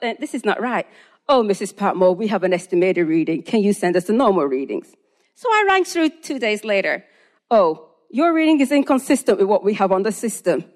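A high-voiced woman from England preaches with a lively, swooping delivery. She tells a personal story and acts out both sides of phone conversations.

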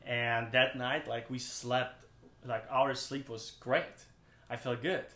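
A man's voice: mid-range voice, little pitch movement, slow pace, bright, forceful tone. Rambling man talking in a roomy room. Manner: rambling, frequent restarts and "like". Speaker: podcast guest, brand co-founder. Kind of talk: casual interview chat.

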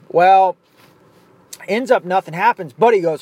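Man, podcast host, blunt profane rant, fairly high voice, swooping pitch. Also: sing-song, moderate pace, dry recording. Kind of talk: casual ranting commentary.

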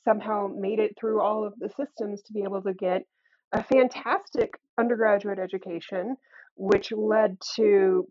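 A woman's voice: medium pitch, a little mellow, highs cut off. Wry, earnest woman math professor. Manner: earnest, candid, laughs often, wry. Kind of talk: conversational interview.

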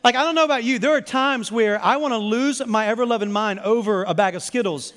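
Animated male preacher in a reverberant hall. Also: extremely high pitch, brisk, hardly any pauses. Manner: animated storytelling, calls for congregation responses. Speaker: pastor. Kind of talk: sermon.

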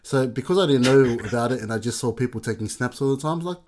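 A man's voice: mid-range voice, rapid-fire, few pauses. A man, co-hosting a casual podcast chat and telling stories with playful exaggeration. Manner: animated storyteller, playful exaggeration. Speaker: podcast co-host.

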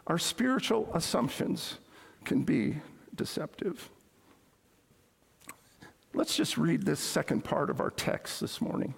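Gravelly high-voiced male preacher. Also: very animated, slow pace, pauses often. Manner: storytelling, repeats key points. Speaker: pastor. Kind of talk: sermon. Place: church sanctuary. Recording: echoey hall with long reverb.

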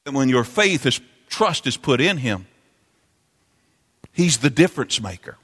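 A man preaching a sermon, impassioned and repetitive, climbing into sung, chanting peaks before dropping low. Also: big pitch swings, unhurried, fairly bright tone, husky. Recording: long hall reverb.

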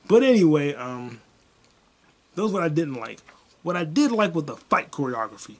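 A young man hosting a podcast alone, ranting about a movie in a profane, rambling way, with bursts of excitement. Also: mid-range voice, moderate pace, long pauses. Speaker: podcast host. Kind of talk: casual solo movie review rant.

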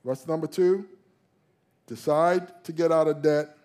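A male pastor preaching a sermon, emphatic, slowing down and leaning on key phrases. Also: fairly high pitch, fairly even intonation, darkish tone.

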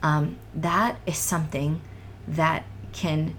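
A woman telling her own story as a guest in an emotional, earnest way, sometimes sinking into soft near-whispers. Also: low-pitched, normal speed, gravelly, a little hiss or hum. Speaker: guest sharing her testimony. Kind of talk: emotional personal testimony in a podcast chat.

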